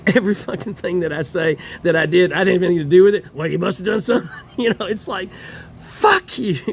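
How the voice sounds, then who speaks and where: A man's voice: high voice, animated, normal speed, slight background noise. A middle-aged man in a homeless shelter, ranting bitterly and profanely, laughing through his grievances. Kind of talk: profane personal rant to camera.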